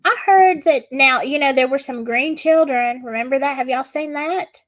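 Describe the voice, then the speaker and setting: A woman's voice: high-pitched, normal speed. A woman with a Southern US accent, hosting a casual livestream and chatting with viewers in a gossipy way. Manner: chatty, gossipy, reads chat aloud. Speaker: livestream host.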